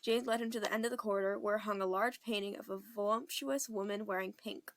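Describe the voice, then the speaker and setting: A young woman narrating an amateur fan audiobook in a steady, plain storytelling voice. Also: medium pitch, fairly quick. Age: young adult.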